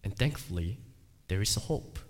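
A male pastor preaching a sermon, emphatic, repeating his phrases and swinging between loud cries and quiet asides. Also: low-pitched, animated, moderate pace. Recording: long hall reverb.

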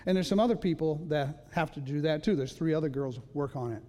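A male pastor preaches in a light, high voice, telling homely stories and slipping into playful voices with a self-mocking humor. His words ring out in a large church with a long, trailing reverb. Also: a little fast, mellow. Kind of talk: sermon. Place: church sanctuary.

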